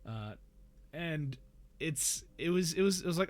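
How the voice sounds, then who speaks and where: A young man hosting a casual chat, rambling and animated as he tells stories with many restarts and quoted lines. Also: a little high, a little slow. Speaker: podcast host.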